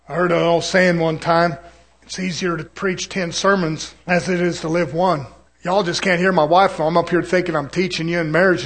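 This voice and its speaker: Man, pastor, high voice, folksy sermon, laughing asides, loud fervent preaching.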